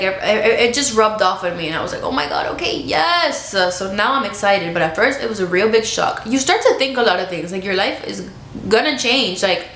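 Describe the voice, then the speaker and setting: A woman vlogging to the camera at home, chatty and expressive, laughing often. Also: medium pitch, roomy sound, a little hiss or hum. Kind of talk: casual chat to camera. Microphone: camera in front of her.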